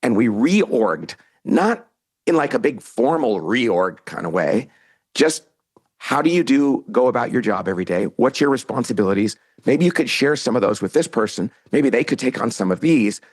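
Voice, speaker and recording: With a mid-range voice, big pitch swings and a moderate pace, a middle-aged man tells a story as a podcast guest. He is an author and CEO, acting out the lines he quotes during the casual interview.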